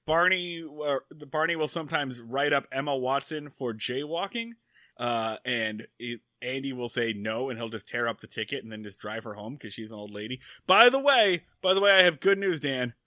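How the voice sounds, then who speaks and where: A man's voice: mid-range voice, moderate pace, sharp tone, dry recording, clean studio sound. A man co-hosting a casual comedy podcast, recapping episodes wryly with joking asides. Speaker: podcast co-host.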